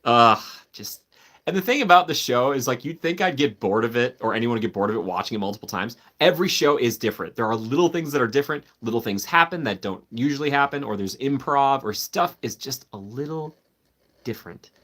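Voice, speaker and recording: A man's voice: medium pitch, animated, a little fast, fairly bright tone. A man hosting a live stream, chatting casually and enthusiastically, answering viewers by name and laughing often.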